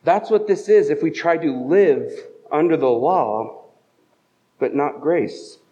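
A pastor with a fairly high, warm voice speaks slowly through a conversational sermon at a church service. He tells stories and asks rhetorical questions, all on a dull, muffled lo-fi recording.

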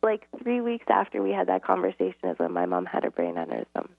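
A middle-aged woman tells personal stories as a guest, voicing the people in them with earnest feeling. Her voice has a gravelly edge. The sound is thin and phone-like, with a dry, close feel. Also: on the low side, wildly swooping pitch, quick pace, no room sound. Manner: earnest storyteller who acts out dialogue and often laughs. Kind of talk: casual interview storytelling. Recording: tinny phone-line audio, dry.

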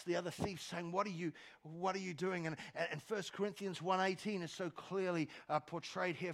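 A man preaching a sermon on a church stage, moving from soft asides to loud exhortation and often repeating words as he starts a phrase. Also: high-pitched, gravelly. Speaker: pastor.

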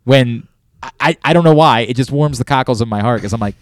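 A man's voice: mid-range voice, fast talker, no room sound. A man hosting a sports talk show, ranting animatedly about mispronounced names with mock outrage. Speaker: sports radio host.

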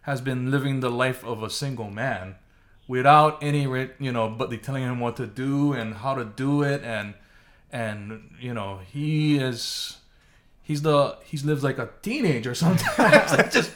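A man's voice: mid-range voice, expressive, measured pace, fairly bright tone. A man telling a family story in casual chat, laughing often and acting out the voices of his relatives.

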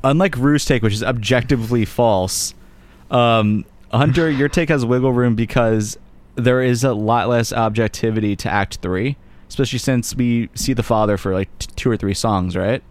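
A man's voice: medium pitch, moderate pace. A young man co-hosting a casual podcast discussion, blunt and swearing freely as he argues his points. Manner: blunt, swears, quotes lyrics with emphasis. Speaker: podcast host.

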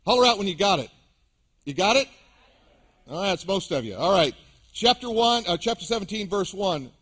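A man's voice: high voice, a bit bright, slightly rough. A man preaching a sermon as pastor to his congregation, with emphatic rises and drops. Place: church sanctuary.

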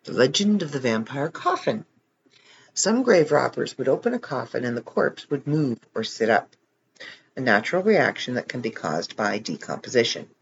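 A man reads online articles aloud at a normal speed in a casual, joking manner, tossing in wry comments after the text. His creaky voice has an animated pitch, and the home recording is slightly muffled, with a little hiss or hum.

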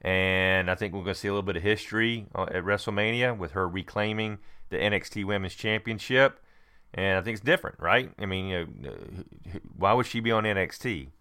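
Middle-aged man, casual podcast chat, very low pitch, bright crisp voice, emphatic and enthusiastic. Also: fairly quick. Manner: emphatic, enthusiastic, many restarts. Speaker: podcast co-host. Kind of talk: casual wrestling prediction chat.

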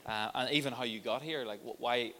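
A man's voice: mid-range voice, brisk, bright, forceful tone. A man hosting an interview, asking casual, rambling questions. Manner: casual, loose, filler-heavy questions. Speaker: host. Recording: echoey room with faint hiss.

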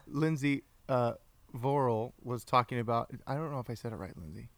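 A man's voice: medium pitch, normal speed. A man hosting a casual livestreamed podcast, chatty and playful, greeting viewers by name. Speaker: podcast host.

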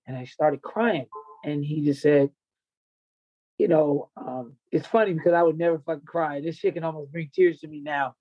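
A man's voice: on the high side, unhurried, no echo, highs cut off. A man who coaches wrestling tells a raw personal story in an interview, intense, confessional and full of swearing.

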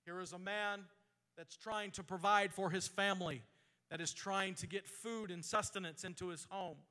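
A man preaching a sermon, reading scripture slowly in old-fashioned wording and building to fervent exhortation. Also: high voice, steady tone, pushed and bright, long reverb tail. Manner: reads scripture in slow King James cadence, then builds to fervent exhortation.

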